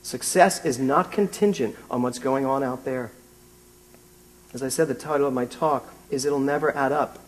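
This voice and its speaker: A British minister in his fifties delivers a conversational, self-mocking sermon from the pulpit, built around a personal anecdote. His voice sits in the mid-range and moves at normal speed.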